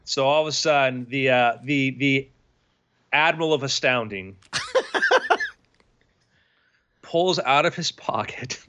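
A man's voice: mid-range voice, slow, long pauses. Man narrating as game master. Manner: animated scene-setting with voices.

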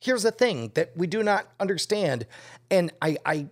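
A man with a slightly high voice, talking in a casual conversation. He sounds reflective and works through his ideas aloud, pausing on fillers as he goes. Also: lively intonation.

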